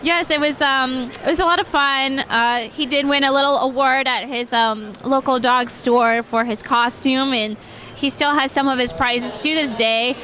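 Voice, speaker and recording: Young woman, high bright voice, chatty with lots of ums, convention interview. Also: fairly even intonation, normal speed. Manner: chatty, laughs often, many fillers. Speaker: cosplayer guest. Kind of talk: casual interview answers.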